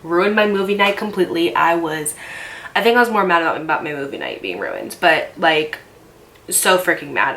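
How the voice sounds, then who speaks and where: A young woman telling a personal story in a casual vlog, animated and emphatic, swearing freely. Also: lowish voice, a little fast.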